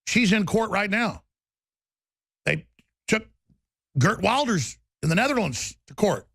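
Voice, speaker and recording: A male talk show host delivering a loud, rambling monologue with a gravelly voice, bursting into shouting. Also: sits high, very animated, measured pace, dry recording. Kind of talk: ranting monologue.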